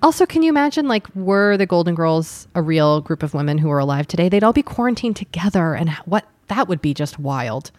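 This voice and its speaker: Low-voiced woman co-hosting a podcast. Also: big pitch swings, fairly quick, few pauses, no room sound. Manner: warm, empathetic, joking. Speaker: podcast co-host. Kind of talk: casual podcast chat.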